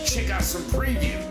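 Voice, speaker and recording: A man doing a drawling old country codger, folksy and easygoing, his voice rising and falling in a lively sing-song. The sound is roomy and echoey, with loud guitar music playing behind him. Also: very high-pitched, exaggerated voice.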